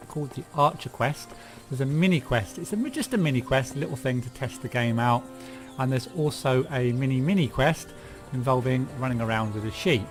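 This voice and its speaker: Brief: male gaming host, laid-back chatty commentary, average pitch. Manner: relaxed and chatty, with frequent fillers. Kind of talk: casual gameplay commentary.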